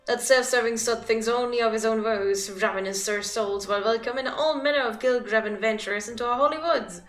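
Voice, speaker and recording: A woman voicing a hot-tempered forest guard captain who rants in rough folksy speech while reading game dialogue aloud. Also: fairly high pitch, a little fast, a bit bright, echoey room, faint music behind, natural voice. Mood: angry.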